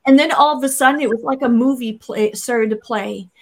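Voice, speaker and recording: Her voice sits on the high side and she keeps a brisk pace. As an interview guest, this adult woman relates her personal testimony of faith earnestly and vividly, reenacting her earlier words along the way.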